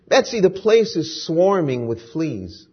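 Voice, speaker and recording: A man's voice: on the high side, very animated, slow pace, slightly rough, muffled recording, pitched above the performer's own voice, exaggerated voice. A man voicing an anxious young woman prisoner who pleads and protests. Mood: distressed.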